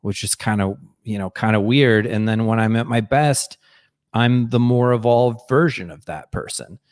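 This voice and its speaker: A comedian guest with a Wisconsin accent, chatting casually in an easygoing, agreeable way. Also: male voice, medium pitch, moderate pace, darkish tone, dry recording, studio quality. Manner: easygoing, agreeable, many short affirmations. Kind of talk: casual chat.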